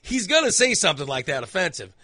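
A man's voice: high-pitched, sing-song, fast, pushed and bright, no echo. A man hosting a talk show, delivering an opinionated monologue in a ranting, sarcastic, exasperated way into a studio microphone.

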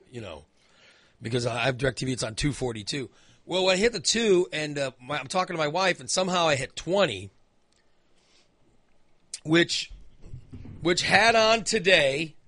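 Ranting sarcastically and with exasperation, a male talk show host fires off his opinions in a forceful, bright voice that is somewhat high for a man. It's captured dry and close on a studio microphone with no room sound.

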